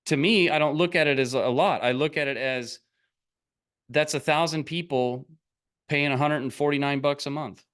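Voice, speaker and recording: A man's voice: on the high side, steady tone, normal speed, fairly bright tone, clean tone. A middle-aged man coaching on online business in a blunt, rambling, casual motivational talk, often breaking into laughs.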